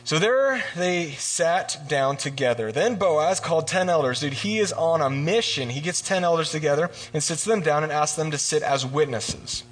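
A man giving a casual, joking sermon, retelling scripture and acting out the characters in quick voices. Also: on the high side, animated. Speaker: preacher.

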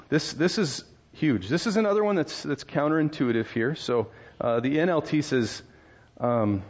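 A man in his thirties preaches a sermon the way you'd talk to friends, telling family stories and asking the room rhetorical questions. His voice sits at an ordinary middle pitch. The recording is a little dull and muffled. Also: moderate pace, darkish tone. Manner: conversational, storytelling with laughs and rhetorical questions. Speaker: pastor.

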